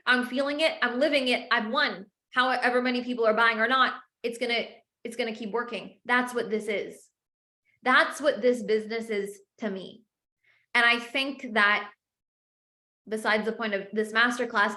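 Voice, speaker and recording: A woman with a somewhat high voice leads a sales masterclass, driving her points home with passionate, repeated phrases. Her voice rings out in an echoey room. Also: sharp tone. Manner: passionate, emphatic, repetitive phrasing. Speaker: sales coach. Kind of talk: live masterclass teaching.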